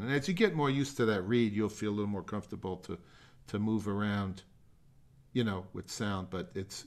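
An older man leading a remote music masterclass over a video call, giving feedback in a halting, rambling way with self-deprecating jokes. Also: lowish voice.

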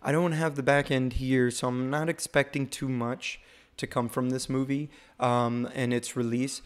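A man hosting a casual livestream about new home-video releases, rambling and halting with many fillers. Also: mid-range voice, level tone, clear, resonant tone. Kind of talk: casual live-stream commentary.

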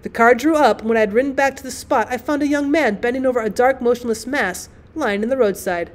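A woman teacher reading a classic short story aloud as an audiobook, with expressive, dramatic storytelling. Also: a little high, quick pace.

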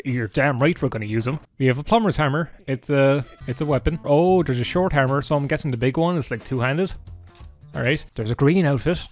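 A man's voice: medium pitch, a little fast, faint music behind. A man doing playful gameplay commentary as a YouTuber, full of sarcastic, teasing asides. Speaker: gaming YouTuber.

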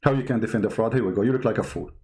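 A man's voice: on the low side, racing, darkish tone. A man giving mocking, emphatic commentary on video clips as a show host.

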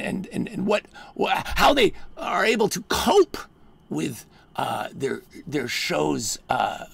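A man performing a live one-man storytelling show, halting and full of restarts, often dropping into hushed murmurs. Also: fairly high pitch, vocal fry, husky.

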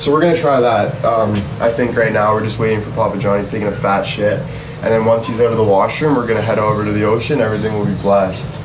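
A man's voice: lowish voice, fairly even intonation, quick pace, noisy background. A man from Canada chatting casually to viewers on a phone live stream, upbeat and addressing them directly. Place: outdoors by the sea. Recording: echoey and distant with loud ambience.

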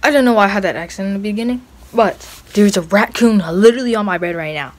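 A woman's voice: mid-range voice, quick pace. A woman talking playfully to the camera between scenes of a homemade skit. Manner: playful, jokey. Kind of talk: casual skit narration to camera.

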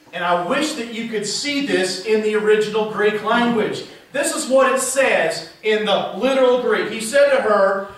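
A preacher with a high-sitting, fairly bright voice questions his congregation rhetorically during a sermon. The recording captures him from a distance in a church sanctuary full of echo.

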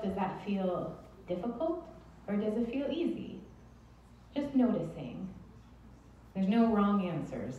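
A woman leads a group exercise in a calm, encouraging voice with a warm, mellow tone. She is heard from well off the microphone in a very reverberant hall. A faint hiss of noise sits underneath. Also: medium pitch, lo-fi sound. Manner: gentle, encouraging, coaching a group step by step. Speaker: Alexander Technique teacher. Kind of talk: guided group exercise instruction. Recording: roomy distant mic with faint noise.

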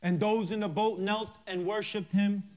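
A male minister preaching a sermon, reading scripture verse by verse with emphatic pauses and fervent interjections of hallelujah and praise. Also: high-pitched, fairly even intonation, darkish tone.

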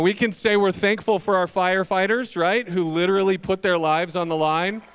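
A man's voice: on the high side, fairly bright tone, clean tone. A male pastor in his thirties preaching a sermon, telling self-deprecating stories about being a dad with humor. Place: church sanctuary.

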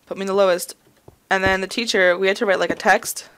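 A woman's voice: mid-range voice, fairly even intonation, quick pace, a bit bright, slight background noise. A young woman in her college years chatting and rambling to herself while hosting casual gameplay commentary. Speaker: gaming video host.

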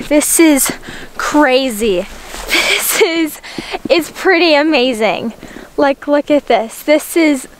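Slight background noise sits behind this woman's high voice as she narrates a casual vlog. She's outdoors on a snowy homestead holding the camera herself, sounding bubbly, exclaiming a lot and laughing often.

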